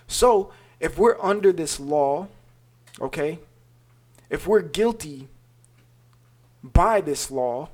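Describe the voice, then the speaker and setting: A man giving a Bible lesson. He talks emphatically, repeats himself, slows down to stress key words and keeps checking in with "all right?". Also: a little high, lively intonation, a little mellow. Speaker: Bible teacher. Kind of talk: scripture lesson.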